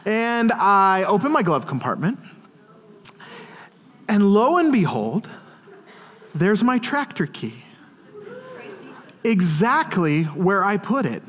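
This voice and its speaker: A middle-aged man preaching a sermon as pastor, telling stories in an animated way and acting out the quotes. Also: high voice, takes it slowly, long pauses, long reverb tail. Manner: animated storytelling with acted-out quotes. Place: church.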